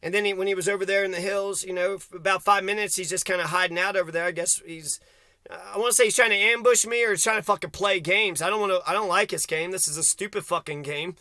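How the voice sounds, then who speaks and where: A man from Kentucky vents in an agitated, profanity-laced rant, jumping from thought to thought. His voice sits high and sounds sharp and tense. The sound is dry and close, with little room around it. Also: fairly even intonation, fast talker, no room sound. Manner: agitated, swearing constantly, rambling. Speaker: vlogger. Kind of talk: angry profane rant to camera.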